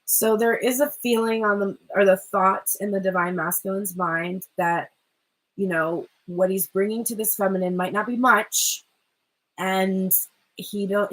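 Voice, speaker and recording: A woman's voice: medium pitch, steady tone, moderate pace, rough recording. A woman giving a chatty, rambling tarot reading who swears casually and often laughs. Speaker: tarot reader.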